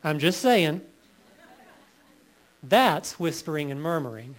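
A male pastor preaching a sermon, reading scripture slowly and building to emphatic peaks. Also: on the high side, sing-song.

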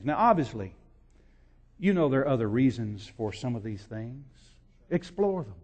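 A man preaching a sermon as pastor, repeating his points and rising from quiet storytelling to loud emphatic preaching. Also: mid-range voice, measured pace, pauses often, lo-fi sound. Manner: builds from quiet to shouting, repetitive emphatic preaching.

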